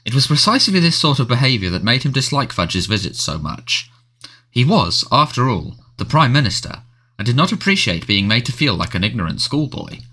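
A man narrating a storybook in a measured, expressive reading. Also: medium pitch. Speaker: audiobook narrator.

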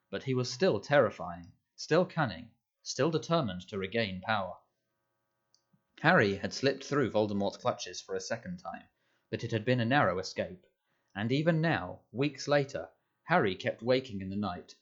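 A man narrating a children's novel in measured, scripted storytelling. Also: on the low side, dull audio. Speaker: audiobook narrator.

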